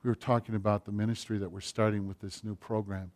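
A middle-aged man preaching a sermon, rising to loud passages and dropping to near-whispers. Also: lowish voice, little pitch movement, fast talker. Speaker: pastor.

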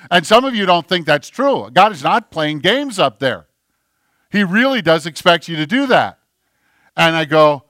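A male pastor preaching a sermon, animated, swinging between forceful delivery and near whispers. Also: a little high, moderate pace, no room sound, clean studio sound.

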